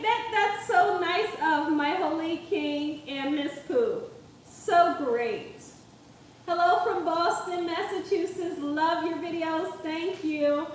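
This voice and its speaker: A high-pitched young woman hosts a live cooking stream, chatty and quick to laugh, tagging "okay?" onto her steps. She sounds far from the mic, in a very echoey home kitchen with faint cooking noise behind her. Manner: chatty, laughs often, says okay a lot. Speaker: cooking channel host.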